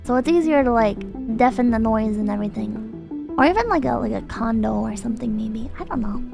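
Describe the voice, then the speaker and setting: High, lively young woman streamer. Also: brisk, gravelly. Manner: rambling and self-conscious, heavy use of "like". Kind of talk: casual chat, reading viewer comments. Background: background music.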